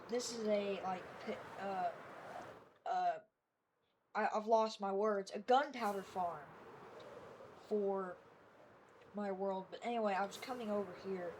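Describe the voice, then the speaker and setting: A woman talks over gameplay footage in a loose, unscripted voice-over. She rambles and hesitates, stumbles over her words and restarts often, and keeps playing down her own work. Her voice sits at an ordinary middle pitch. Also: steady tone, slow pace, pauses often, darkish tone, slight background noise. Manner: self-deprecating about her own work. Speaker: creator giving a tour of her game world. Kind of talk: casual voice-over narration of gameplay.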